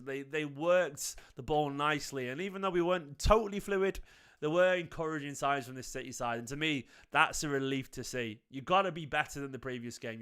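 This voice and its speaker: A man's voice: a little high, pushed and bright, smooth. A man hosting a football fan channel, giving an emphatic post-match reaction and repeating phrases for emphasis.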